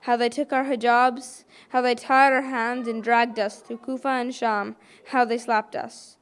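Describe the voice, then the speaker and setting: Woman reciting as a mourning orphan girl in captivity, high smooth voice, plaintive lament, elegy poem. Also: flat delivery, unhurried, lightly acted. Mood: grieving lament. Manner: lamenting, repeated plaintive calls. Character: grieving orphaned little girl in prison.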